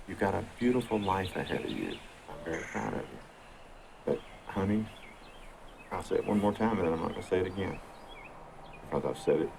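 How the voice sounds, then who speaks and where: A man's voice: low voice, vocal fry, a little mellow, a little hiss or hum. A father in a tense personal conversation, defensively insisting on his denials.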